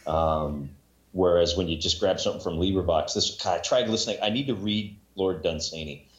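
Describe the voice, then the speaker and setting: A man's voice: low-pitched, fairly quick, slight background noise. Man, casual rambling talker, echoey room with dull lo-fi sound. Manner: rambling, many restarts, self-mocking. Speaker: audiobook narrator guest. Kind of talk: casual podcast chat.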